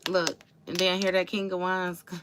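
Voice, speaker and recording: A woman's voice: on the low side, flat delivery, moderate pace, noisy background. A woman doing a casual tarot reading livestream, blunt and profane, often repeating herself for emphasis and calling listeners baby. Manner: emphatic repetition. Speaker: tarot reader.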